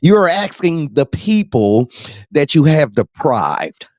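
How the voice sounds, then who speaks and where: A man's voice: a little high, sing-song, slow, darkish tone, no echo, highs cut off. A man hosting a podcast in a loose, profane monologue, laughing often and calling out to his listeners. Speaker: podcast host.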